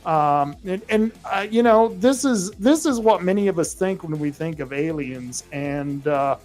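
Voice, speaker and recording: A man's voice: a little high, lively intonation, measured pace, darkish tone, soft background music. Rambling country-accented male host. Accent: American, rural. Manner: rambling, many fillers and restarts. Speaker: podcast host. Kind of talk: casual monologue to listeners.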